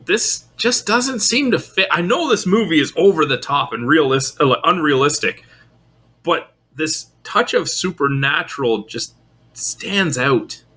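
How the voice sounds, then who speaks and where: A man's voice: fairly high pitch, animated, a little slow, sharp tone, slightly rough. A man co-hosting a podcast in casual chat, tossing in short wry quips. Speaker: podcast co-host.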